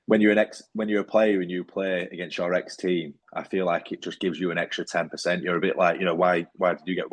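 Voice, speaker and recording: Deep, flat-voiced man chatting easily. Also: breathy edge. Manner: easygoing, rambling with many fillers and restarts. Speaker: rugby league player, interview guest. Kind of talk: casual interview talk.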